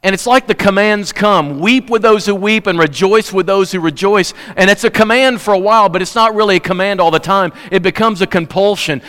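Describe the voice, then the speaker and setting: A male pastor preaching a sermon in a church, swinging between loud emphatic peaks and hushed, quiet lows. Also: moderate pace. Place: church sanctuary. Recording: long hall reverb.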